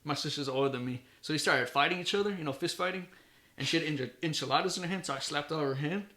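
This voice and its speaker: A man's voice: on the high side, fast talker, sharp tone. A young man hosting a podcast, telling crude, joking stories in casual chat. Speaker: podcast host. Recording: echoey room.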